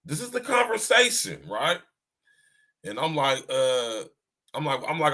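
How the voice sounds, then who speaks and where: A man hosts a podcast alone and talks to his listeners in a loose, conversational monologue about faith. His voice is bright and forward. He checks in with "right?" again and again, and he repeats himself and restarts his sentences as he goes. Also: medium pitch, animated, a little slow, long pauses. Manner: talks to listeners directly, often asks "right?"; restarts and repeats himself while searching for words. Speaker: podcast host. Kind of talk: casual spiritual monologue.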